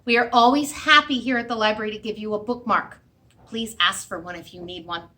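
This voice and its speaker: A woman speaking as a children's librarian in a library room, giving an animated, sing-song storytime for first graders. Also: medium pitch, brisk.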